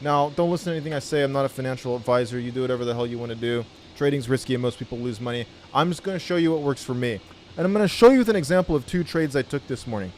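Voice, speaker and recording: Laid-back male trading tutor, blunt and profane, mid-pitched voice. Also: animated, very fast, a little hiss or hum. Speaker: trading educator. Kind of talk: casual video tutorial.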